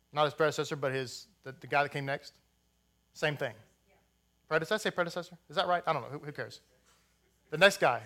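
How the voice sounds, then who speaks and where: A man's voice: on the high side, fairly quick, long pauses, bright, forceful tone. A man preaching a sermon as rabbi, blunt and rousing, with jokey asides to the congregation.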